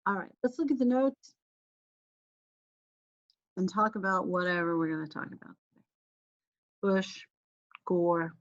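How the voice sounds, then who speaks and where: A woman's voice: on the low side, a bit bright. Chatty woman teaching an online class. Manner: chatty, laughs at herself, sneezes and coughs. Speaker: college teacher. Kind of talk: casual online class lecture. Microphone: video call. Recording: slightly dull video call audio.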